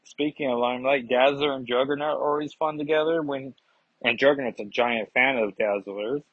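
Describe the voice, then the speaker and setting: A man's voice: medium pitch, normal speed, husky, no room sound. A man giving a chatty, rambling comic book review, with self-mocking asides. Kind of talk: casual review vlog. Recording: dull lo-fi sound.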